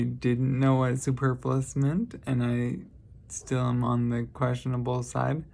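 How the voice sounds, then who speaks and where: Slow, gravelly man telling rambling anecdotes. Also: mid-range voice, completely flat delivery, darkish tone. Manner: rambling, self-correcting, lighthearted. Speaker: vlogger. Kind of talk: casual storytelling monologue.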